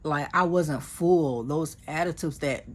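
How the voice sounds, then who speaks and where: A woman's voice: sits low, a little slow. A woman from the United States, telling an earnest, emotional story about her mission trip in a casual vlog, with many fillers and restarts.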